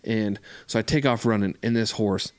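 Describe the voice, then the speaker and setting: Low-voiced man telling a story casually. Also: normal speed, no room sound. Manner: conversational, acts out quotes with lively voice shifts. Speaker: recovery show co-host.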